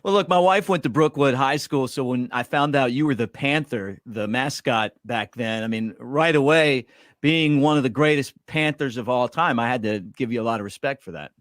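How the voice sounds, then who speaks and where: A man's voice: mid-range voice, moderate pace, a bit bright, no room sound, studio quality. A man hosting a casual interview, asking friendly questions and laughing along with his guest. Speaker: interviewer, show host.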